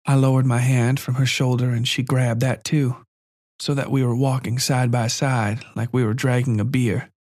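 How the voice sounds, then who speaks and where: A man narrating a first-person horror story in a measured, quiet, calm way. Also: mid-range voice, dry recording, studio quality.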